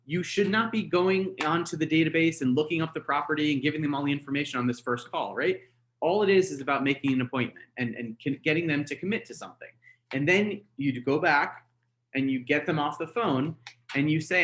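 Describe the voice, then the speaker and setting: His voice on the high side and a bit bright, this American real estate trainer talks a little fast during a casual webinar. He coaches with plenty of fillers and keeps tacking on "right?", heard through a webinar call mic.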